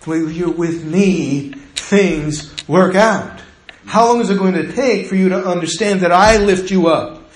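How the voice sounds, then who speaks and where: An earnest, patient teacher asking question after question, slowly and searchingly, as a preacher voices him. His voice sits fairly high for a man and rings in an echoey room. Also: a little hiss or hum. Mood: earnest, pleading. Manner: slow, earnest rhetorical questions. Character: patient, searching adult male teacher, Jesus.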